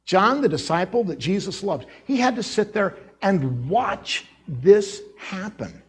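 A middle-aged male pastor preaching with a high, husky voice. His pitch swings widely as he acts out quoted dialogue. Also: lively intonation, a little slow. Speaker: former associate pastor. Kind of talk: sermon.

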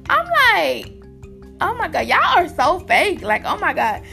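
Young woman, high voice, casual storytime vlog, chatty, slangy, talks to viewers, faint background music. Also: big pitch swings, a little slow, creaky, bright, forceful tone. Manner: chatty, addresses viewers as y'all, slangy retelling. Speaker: vlogger.

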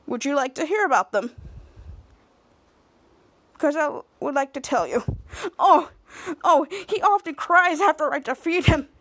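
Woman doing a pompous villain doctor, male, boastful, vain, high voice. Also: lively intonation, unhurried, pauses often, fairly bright tone, no echo. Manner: pompous, self-praising.

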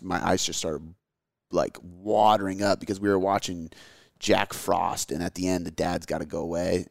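This podcast host, a man in his thirties, has a low, creaky voice captured at studio quality with no room sound. He answers listener questions in a loose, rambling way, candid and heavy on profanity and fillers.

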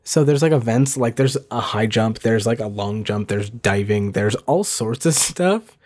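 A man hosting a casual solo podcast, rambling with many fillers and restarts, self-deprecating and talking fast. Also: fairly low pitch, darkish tone. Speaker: podcast host.

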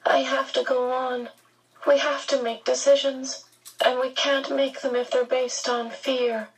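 A woman voicing a small, precocious boy who speaks in a high, tense, urgent voice. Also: level tone, measured pace, recorded from a distance, a little hiss or hum, poor audio. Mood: bold.

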